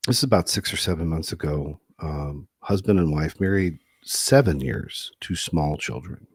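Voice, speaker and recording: A man who hosts a podcast and works as a couples therapist, telling a case story in a conversational, animated way. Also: very deep voice, moderate pace, husky, no echo, studio quality. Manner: animated, laughing easily.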